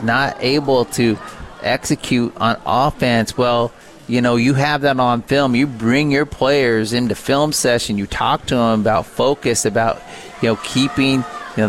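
Brief male color analyst, rambling, lots of "you know", casual radio chat. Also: medium pitch. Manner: chatty, many fillers like you know and uh. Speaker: color commentator. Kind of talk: radio sports color commentary.

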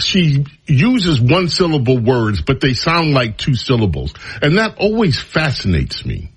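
Slow, husky-voiced sarcastic radio host. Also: male voice, medium pitch. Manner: sarcastic, mocking, rambling asides. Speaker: radio talk show host. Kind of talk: opinionated talk radio monologue.

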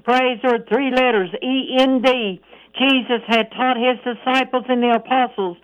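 A woman preaching a radio sermon, breaking every phrase with "praise the Lord" and reading scripture slowly. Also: fairly high pitch, fairly even intonation, low-quality recording. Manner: reads scripture aloud in a slow, measured voice.

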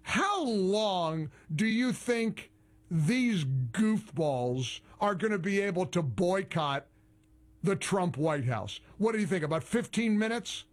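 A man's voice: high voice, big pitch swings, slow pace. A man hosting a talk radio show, delivering opinionated commentary in a heavily sarcastic, mocking manner.

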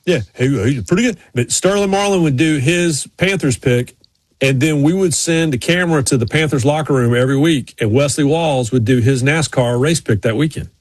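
Podcast co-host, middle-aged, rambling storyteller, slightly husky, dry close mic. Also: male voice, on the high side, normal speed, dry recording. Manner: rambling storyteller with many restarts. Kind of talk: casual chat.

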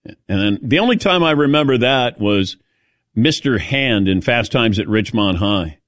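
A man's voice: lowish voice, animated, moderate pace, a bit bright, no echo, studio quality. A man hosting a casual sports talk show, telling stories in a chatty, sarcastic way. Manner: chatty storyteller with a sarcastic edge. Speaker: radio sports talk host.

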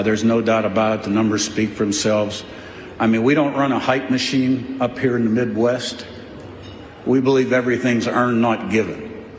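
A male head coach speaks bluntly and defiantly at a media day. He is recorded in a large hall with long reverb and faint room noise behind him. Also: mid-range voice. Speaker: college football head coach. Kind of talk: press conference remarks. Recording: echoey hall audio clip.

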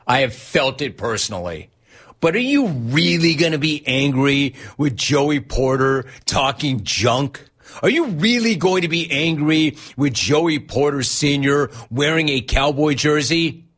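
A man hosting a sports talk show, teasing and animated, reading out chat and laughing often. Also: a little high.

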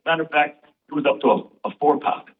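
A man doing stand-up comedy on stage, bantering quickly and playfully with the crowd. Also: on the high side. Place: stage before a live audience. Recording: tinny far-off stage recording with music.

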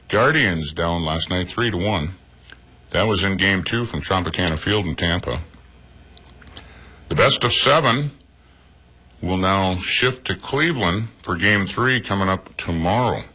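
A man with a low, husky voice and a forceful edge reads the sports news on a morning radio show. He speaks from a radio studio and drops his own chatty opinions between the scores. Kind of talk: sports news read with casual commentary.

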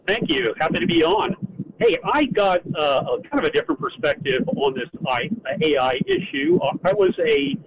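A man's voice: fairly high pitch, huge pitch swings, normal speed, creaky, a little hiss or hum. Older man calling in over a tinny phone line. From Texas. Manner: hesitant, filler-heavy, earnest. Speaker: caller; former community college professor. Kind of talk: radio call-in chat.

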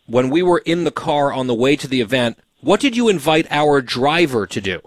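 A man's voice: medium pitch, sing-song, normal speed, no echo. A man hosting a show, telling stories in casual banter with a wry, teasing manner. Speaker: show host.

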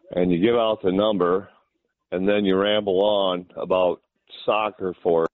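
A male caller phones in to a sports talk show with a complaint and keeps it pointed. His voice sits lowish. It comes through a thin, tinny phone line. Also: no room sound.

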